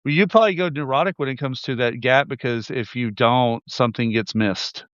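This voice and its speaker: A man's voice: medium pitch, brisk, fairly bright tone, smooth, dry recording, muffled recording. A man hosting a casual interview show, talking loosely and swearing now and then. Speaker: show host. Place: in Ukraine.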